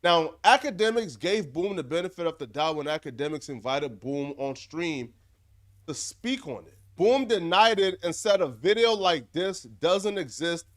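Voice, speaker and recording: Earnest, higher-voiced male commentator. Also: animated, normal speed. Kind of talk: commentary narration.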